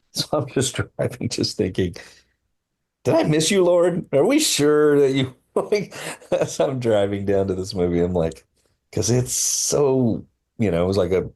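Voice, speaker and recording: A man, a film line producer, telling a personal story as a podcast guest in an earnest, halting way with many fillers and restarts. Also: low voice, a little mellow.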